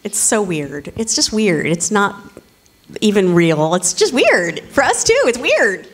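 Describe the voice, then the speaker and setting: A woman guest on a panel at a public event, telling anecdotes in an animated, laughing way. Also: medium pitch, unhurried.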